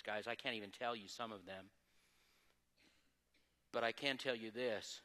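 A man pastor preaching a sermon with lively energy, moving between loud exclamations and quieter, conversational asides. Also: mid-range voice, big-room sound. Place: church sanctuary.

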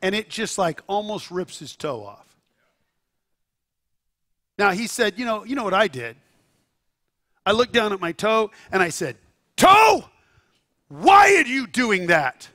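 A male pastor preaching a sermon, telling stories with lively asides to the congregation and sudden shouts. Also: high voice, a little slow, long pauses. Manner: animated storytelling with asides to the congregation.

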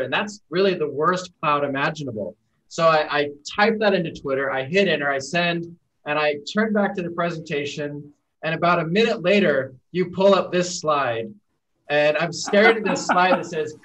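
A man's voice: fairly high pitch, moderate pace, a bit bright, rough recording. A man hosting a casual panel discussion over a video call, telling a long self-deprecating story in a rambling way. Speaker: panel host.

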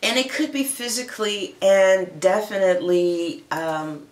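A woman's voice: medium pitch, measured pace, reverberant, a little hiss or hum. A woman giving a casual tarot reading, chatty and playful, who laughs often and calls listeners honey and darling. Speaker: tarot reader.

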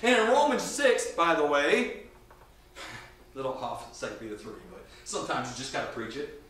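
Emphatic high-voiced preacher in an echoey church. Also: male voice, expressive, normal speed, slight background noise. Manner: emphatic, shifts between loud and quiet. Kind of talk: sermon. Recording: echoey church hall from a distance.

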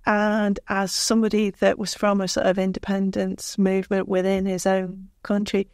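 A woman's voice: medium pitch, monotone, moderate pace, a little mellow, no echo, clean studio sound. Rambling sweary woman. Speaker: podcast co-host. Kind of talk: casual podcast chat.

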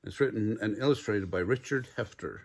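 An older man, a grandfather, reading a children's picture book aloud in a gentle, chatty way. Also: fairly low pitch, fairly quick, breathy edge. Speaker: storyteller.

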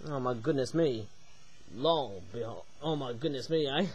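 A man voicing a wise old male penguin sensei, speaking in a slow, hushed and solemn storytelling way. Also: mid-range voice, expressive, slight background noise, pitched below the performer's own voice, close to an everyday voice.

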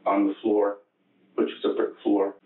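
A man being questioned as a suspect, recounting events in a halting, matter-of-fact way with many restarts. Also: on the low side, monotone. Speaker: murder suspect under questioning. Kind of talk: interrogation testimony. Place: police interrogation room. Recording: echoey, distant, tinny archive recording.

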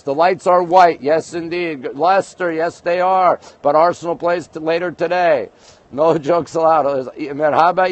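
A man's voice: on the high side, dull audio. A man from Canada hosting a casual livestream outdoors at night, greeting viewers one after another and joking. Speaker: livestream host. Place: outdoors, overlooking a city skyline at night.

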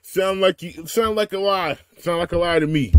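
Man, reaction host, slangy teasing, highish voice, dry sound. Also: normal speed, clean tone, no room sound. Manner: loud, teasing, slangy banter. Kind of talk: casual reaction commentary.

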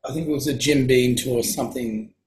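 A middle-aged man, a guest telling casual anecdotes in a relaxed, chatty way and often clearing his throat. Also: mid-range voice, a little fast, poor audio. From Australia. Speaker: guest, singer-songwriter.

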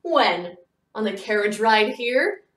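Woman reading a jovial teasing gentleman, playful banter, higher and louder, echoey room, distant mic. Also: big pitch swings, a little slow.

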